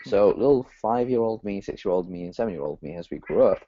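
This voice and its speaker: A British man in his twenties, a guest chatting casually in an interview with easy laughs and quick asides, heard over a call. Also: on the low side, expressive, no room sound. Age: 20s. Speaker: guest copywriter. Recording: dull lo-fi call audio.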